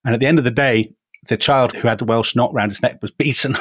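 Fast and fairly bright, this mid-range male voice belongs to an English co-host on a casual history podcast. He tells the story with evident enthusiasm, chuckles frequently, and calls his co-host by name. The recording is dry and studio quality.

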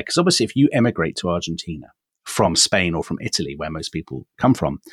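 An Englishman co-hosts a casual history podcast, telling the story with enthusiasm, chuckling often and addressing his co-host by name. His voice is lowish and a bit bright. The sound is clean studio audio with no echo.

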